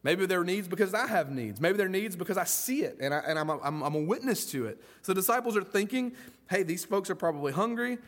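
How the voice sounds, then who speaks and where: A man preaching a sermon as pastor, in a lively, folksy way, often acting out the voices of the people in his story. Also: high-pitched, quick pace, hardly any pauses.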